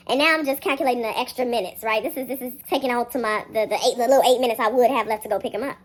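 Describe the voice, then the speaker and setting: A woman tells a storytime straight to her viewers in a loose, slangy way. Her pitch leaps high whenever she acts out the people in her story, and she talks quickly when she gets worked up. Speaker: storyteller vlogger. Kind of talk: casual storytime monologue.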